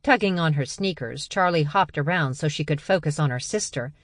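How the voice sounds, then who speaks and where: Woman audiobook narrator, low voice, measured, dry and close. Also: no room sound. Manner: even, measured storytelling.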